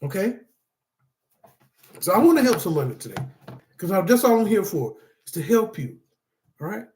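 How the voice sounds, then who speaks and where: Animated, high-voiced man preaching with laughter. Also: moderate pace, echoey room, a little hiss or hum. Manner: laughs often, animated, addresses viewers as y'all. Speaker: support group host. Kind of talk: casual preaching-style talk to camera.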